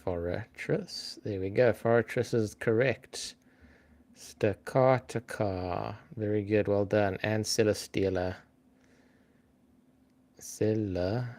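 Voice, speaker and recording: Slow-talking, low-voiced male stream host. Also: fairly even intonation, a little mellow. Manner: chatty, thinks aloud, reads out names and greets viewers. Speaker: live-stream trivia host. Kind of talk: casual live-stream chat.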